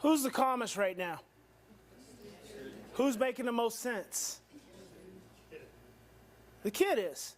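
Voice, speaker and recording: A man's voice: very high-pitched, animated, takes it slowly, pauses often. A male seminar presenter talks parents and staff through a clip. He explains patiently and keeps posing questions back to the room. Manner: explanatory, asks the audience rhetorical questions. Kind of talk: teaching seminar commentary.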